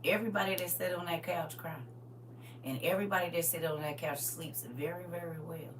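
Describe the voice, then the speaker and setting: A middle-aged woman preaching through funny stories, chatting directly with the crowd and now and then bursting out loudly. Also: on the low side, a little fast. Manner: lively and chatty, teasing the crowd directly, sudden loud outbursts. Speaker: speaker at a live church gathering. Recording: far-off mic with faint hum.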